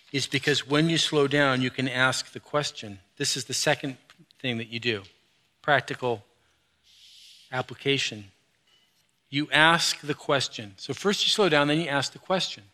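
Middle-aged guy preaching, bright punchy voice, goes quiet then loud and high, real animated. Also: normal speed. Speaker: pastor. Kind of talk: sermon.

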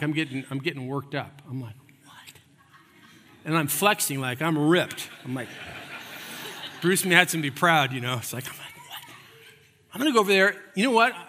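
A man delivers a sermon from the pulpit, his voice bright, forceful and set a little high for a man. He shifts from funny storytelling to emphatic preaching. The church gives his words a long, ringing reverb. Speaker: pastor. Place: church sanctuary.

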